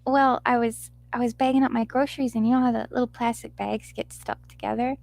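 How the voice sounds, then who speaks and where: A woman's voice: a little high, steady tone, fairly quick, gravelly, darkish tone, no echo. A woman co-hosting a casual podcast chat, talking in a teasing, dry way. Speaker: podcast co-host.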